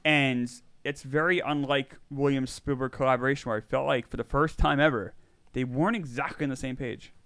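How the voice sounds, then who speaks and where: A man's voice: mid-range voice, fairly even intonation, fairly quick, fairly bright tone, clear, resonant tone, dry recording. A man in his forties co-hosting a movie podcast, talking in an earnest, self-deprecating way. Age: 40s. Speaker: podcast co-host. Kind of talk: casual movie chat.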